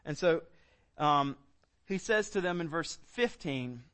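Earnest pastor teaching a sermon. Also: male voice, on the high side, animated, takes it slowly, a bit bright. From Southern United States. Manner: earnest teaching, emphatic, conversational asides.

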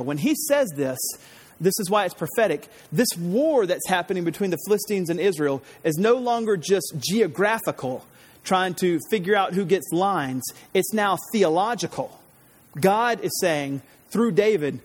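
Male pastor, expository sermon, energetic, casual slang, high-pitched, reverberant church hall. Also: moderate pace. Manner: energetic, casual slang, retells scripture dramatically.

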